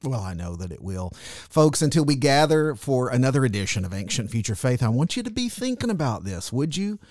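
A man hosts a Christian radio talk show as its pastor, speaking in an affirming, pastoral way. His voice sits at a middle pitch. The studio sound is dry and close. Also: sing-song, a little fast, a little mellow, no room sound.

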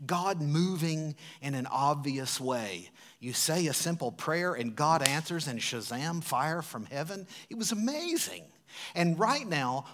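A man preaching a sermon in a church. His delivery is dramatic and swings from loud, emphatic lines down to hushed, near-whispered ones. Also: a little high. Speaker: pastor. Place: church sanctuary.

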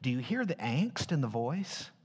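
A man preaching a sermon as pastor, emphatic, asking the congregation questions and dropping at times to a hushed voice. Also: mid-range voice, very animated, moderate pace, breathy edge.

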